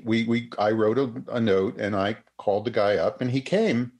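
An older man, a psychotherapist and researcher, telling a story in an interview with many restarts and acted-out quotes. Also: fairly low pitch.

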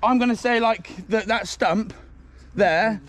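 A man on a mountain bike ride, laughing and swearing through pain in casual banter, yelping loudly. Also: sits high, slow, slight background noise. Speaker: mountain biker. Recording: outdoor clip with group chatter.

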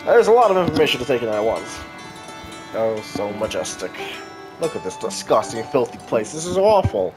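A man's voice: mid-range voice, big pitch swings, moderate pace, music in the background. Sarcastic man doing game commentary. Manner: sarcastic and swears freely, reacts loudly. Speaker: gaming channel host. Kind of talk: casual let's-play commentary.

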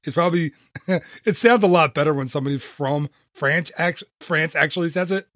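A man's voice: a little high, fairly quick, fairly bright tone, no room sound, studio quality. A man hosting a podcast, talking casually in a chatty, upbeat, self-deprecating way. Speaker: podcast host. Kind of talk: casual solo podcast talk.

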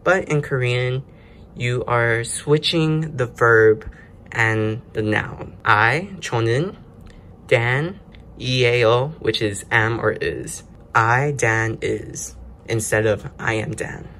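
Man, mid-pitch, casual lesson host, explains step by step, faint noise behind. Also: slow pace, fairly bright tone. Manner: explains step by step, loose and chatty. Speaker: language learner host. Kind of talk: casual self-study lesson.

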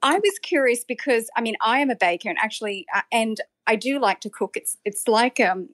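A woman's voice: fairly high pitch, lively intonation, fairly quick, fairly bright tone. A woman with an Australian accent, asking a guest questions in a casual live audio chat, talking chattily with frequent giggles and restarts. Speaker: audience member asking questions.

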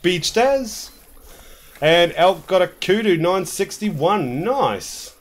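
A man's voice: high voice, lively intonation, slow pace. A man with a New Zealand accent hosting a game stream, joking and rambling as he chats with his co-player and viewers. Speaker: streamer host. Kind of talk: casual gameplay commentary.

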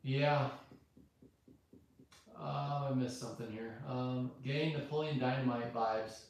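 A man in his thirties hosting a casual live-stream chat in a flat, monotone, rambling way. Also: medium pitch, slow. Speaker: YouTube host. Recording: very echoey room, faint noise.

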